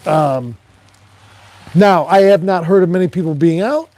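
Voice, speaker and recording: A middle-aged man hosts a relaxed live chat and answers viewers as he goes. His voice sits a little high, with a mellow, warm tone. The sound is dry and close, and his talk wanders with many "um"s and restarts. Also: unhurried, no room sound. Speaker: fishing guide and live-stream host. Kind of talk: casual live chat reading viewer comments.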